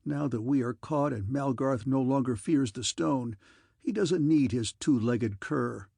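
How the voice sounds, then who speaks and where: A defiant rebel spits his contempt, voiced by a man reading an audiobook. The tone is gravelly and husky. It is recorded close and dry. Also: mid-range voice, measured pace, mellow, no room sound. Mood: scornful.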